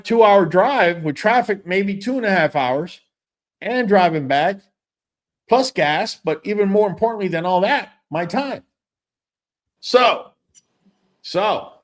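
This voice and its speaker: A man with a notably high-pitched voice tells a story in a loose, casual way. He is animated and emphatic, blunt in his opinions and quick to curse.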